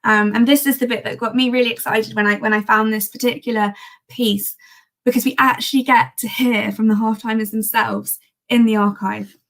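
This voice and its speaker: A woman's voice: fairly high pitch, steady tone, moderate pace. A woman presenting a history talk on old newspaper archives in a chatty, enthusiastic way, with frequent ums and restarts. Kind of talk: live-streamed history talk.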